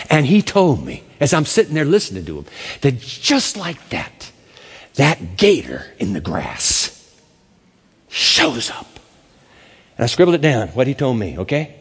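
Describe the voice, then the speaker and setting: A man's voice: mid-range voice, huge pitch swings, measured pace, long pauses, slightly rough. A man preaching a sermon as pastor, impassioned and emphatic, with dramatic swings. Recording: echoey church hall.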